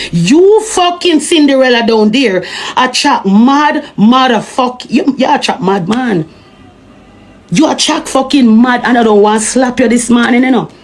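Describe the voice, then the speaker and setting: A young Jamaican woman ranting to her viewers in a heated, profane way, repeating phrases for emphasis. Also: a little high. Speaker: online personality. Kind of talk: angry rant to camera.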